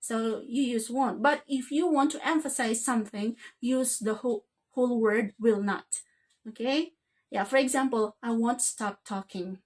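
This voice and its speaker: A woman with a slightly high voice teaches an English grammar lesson at a moderate pace. After almost every phrase she checks in with "okay?"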